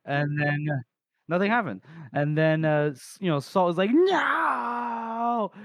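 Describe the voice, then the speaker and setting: A man's voice: fairly high pitch, moderate pace, smooth, no echo, clean studio sound. A male podcast co-host chatting casually, cutting in to correct and add details. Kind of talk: casual book discussion.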